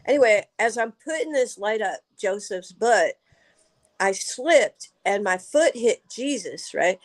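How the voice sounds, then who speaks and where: A woman's voice: mid-range voice, measured pace. Woman, podcast guest: loose, profane anecdote-teller. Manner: profane, animated storyteller. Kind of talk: casual storytelling.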